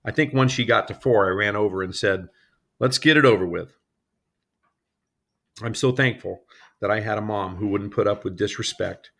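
A man's voice: on the low side, a bit bright. A man delivering an earnest sermon to a congregation, telling personal stories and reading scripture. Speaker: preacher.

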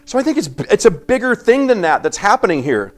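A man preaching a sermon, reading scripture aloud and acting out the voices in it, swinging from loud emphasis to quiet asides. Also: high-pitched, brisk. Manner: animated preaching, acting out biblical voices with sudden quiet drops. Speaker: pastor.

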